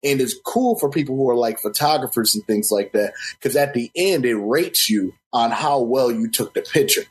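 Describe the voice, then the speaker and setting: A man's voice: mid-range voice, moderate pace, poor audio. A man in casual podcast chat, explaining a video game at length with lots of fillers. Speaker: podcast co-host.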